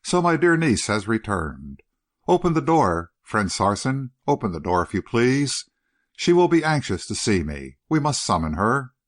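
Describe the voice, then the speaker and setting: A man's voice: fairly low pitch, very animated, moderate pace. A man voicing an elderly uncle who speaks in a purring, falsely tender way that hides menace. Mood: silky.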